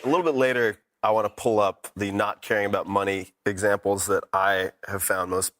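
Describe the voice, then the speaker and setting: A man hosting a podcast, asking measured, curious interview questions. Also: fairly low pitch, steady tone, fairly bright tone. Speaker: podcast host.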